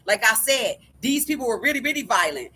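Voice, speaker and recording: Woman vlogger, high bright voice, furious profane rant that keeps circling back on itself. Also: very animated, fairly quick, husky. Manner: angry, profane, keeps repeating "like I said". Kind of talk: ranting monologue to camera.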